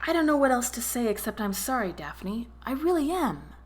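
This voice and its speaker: A man's voice: very high voice, big pitch swings, normal speed, voice pushed up, heavily acted. A woman voicing an apologetic young man. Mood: pleading. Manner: pleading, solemn, hesitant.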